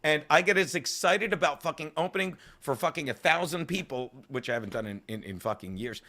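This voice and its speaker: A male comedian telling rambling, profane stories in an interview. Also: on the high side. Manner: fast, swearing, animated storytelling. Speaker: comedian guest.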